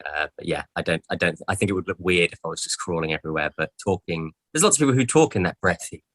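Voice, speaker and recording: A man's voice: sits low, lively intonation, quick pace, fairly bright tone, dry recording. A man chatting casually on a podcast, playful and theatrical. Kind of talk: casual chat.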